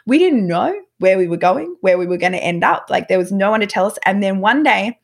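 A woman in a casual interview, recounting her travels in a lively, rambling way. Her voice sits at a middle pitch, and her sentences are full of "like" and restarts. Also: a little fast, vocal fry, few pauses. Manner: animated, filler-heavy with frequent "like". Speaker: podcast guest. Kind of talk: casual storytelling.

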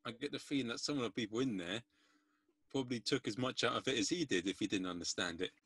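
A man's voice: medium pitch, fast, a bit bright, slightly rough, no room sound. A man hosting a podcast in casual chat, asking questions with wry remarks. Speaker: podcast host.

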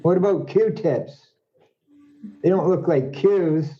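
Man, fairly high voice, slow joke-teller, muffled lo-fi sound. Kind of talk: joke telling. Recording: dull lo-fi audio.

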